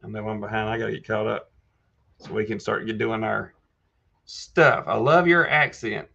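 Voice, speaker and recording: Man, livestream host, bright forceful voice, folksy, dull lo-fi sound. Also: lowish voice, steady tone, moderate pace, creaky. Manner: folksy, reads out chat comments and replies to viewers by name. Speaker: livestream host answering viewer questions. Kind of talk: casual live chat.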